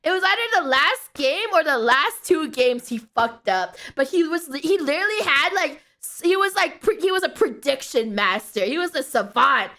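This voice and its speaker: A woman's voice: high voice, very animated, moderate pace, hardly any pauses, bright, forceful tone. A young woman streaming from home, chatting casually and rambling, with playful chanting and casual swearing. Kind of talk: casual late-night stream chat.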